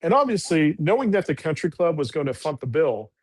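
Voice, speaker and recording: Earnest rambling veteran man, somewhat high. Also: sing-song, a little fast, a little mellow. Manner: rambling, earnest, many fillers and restarts. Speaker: veteran guest. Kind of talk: casual interview storytelling.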